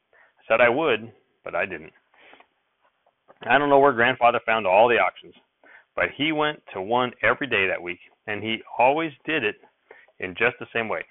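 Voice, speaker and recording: A man narrating a first-person story as an audiobook reader, in a plain, steady storytelling way. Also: mid-range voice, gravelly, no room sound, narrow, tinny audio.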